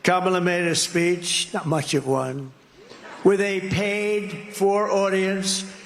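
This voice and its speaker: A man's voice: sits high, fairly even intonation, slow pace, gravelly, fairly bright tone. A man speaking at a political rally in a rambling, repetitive, mocking way. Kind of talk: rally speech. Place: outdoor rally stage. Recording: noisy rally clip with crowd ambience.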